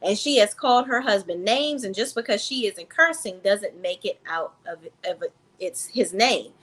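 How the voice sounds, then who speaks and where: A woman's voice: mid-range voice, expressive, moderate pace, a bit bright. A woman reviewing reality TV in a casual, blunt and profane commentary vlog, talking straight to her viewers. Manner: talks straight to the viewers as "sis" and "y'all".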